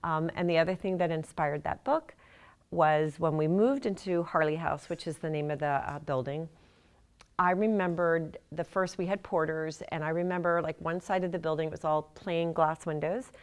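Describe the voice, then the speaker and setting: A woman's voice: deep voice, normal speed, clear, resonant tone. A middle-aged woman author giving a casual, chatty talk to a library audience, self-deprecating and laughing at her own jokes. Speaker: author speaking at a library event.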